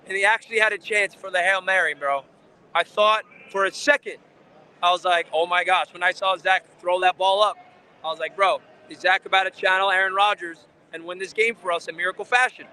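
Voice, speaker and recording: A man's voice: high-pitched, fairly even intonation, a little fast, bright, forceful tone, clear, resonant tone. A man hosting a fan channel, giving an angry, frustrated live post-game rant outside a stadium, swearing often.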